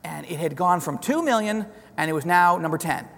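A man giving a lively storytelling testimony as a guest speaker in a church, chuckling as he talks. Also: on the high side, fairly quick, vocal fry. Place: church sanctuary. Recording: long reverb of a large hall.

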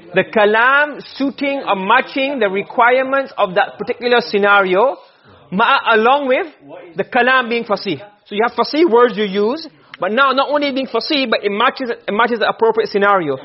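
Guy teaching a class, high voice, keeps repeating himself, muffled lo-fi audio. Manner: explanatory, repeats words often, mixes in Arabic terms. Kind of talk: classroom lesson on Arabic rhetoric. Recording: dull lo-fi recording.

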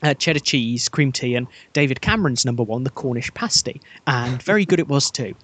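Husky-voiced man hosting a podcast. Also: medium pitch, animated, brisk, a bit bright, dry recording. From Black Country, England. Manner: dry, jokey, self-mocking. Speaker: podcast host. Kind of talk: casual podcast chat.

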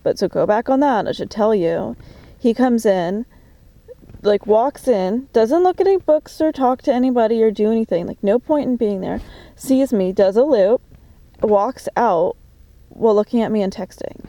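A woman talking to a phone camera in a diary-like monologue, agitated and suspicious, swearing often, with many fillers and halting restarts. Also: on the high side, dark tone.

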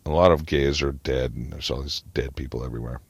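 A man's voice: rumbling low, fairly even intonation, fast, gravelly, breathy edge, dry recording. A man telling a rambling comedic story in a meandering way, with lots of "like" fillers and casual profanity.

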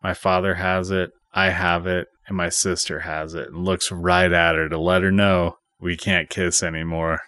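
A man with a deep, low voice casually recaps a movie, quoting the dialogue without acting it out. His voice sounds dry and close, with no room echo. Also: normal speed, hardly any pauses, clear, resonant tone. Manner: retells scenes, quoting dialogue flatly. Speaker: podcast host.

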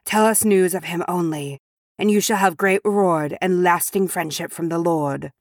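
A woman voicing a sinister male messenger of a dark lord, speaking softly and insidiously. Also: on the low side, moderate pace, dry recording, clean studio sound, natural voice. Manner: insidious, curling and soft.

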